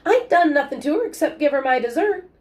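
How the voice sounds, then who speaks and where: A woman voicing a folksy, teasing old grandfather who is gentle underneath, with a drawling country way of talking. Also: high voice, expressive, fast, a little hiss or hum, pitched above the performer's own voice.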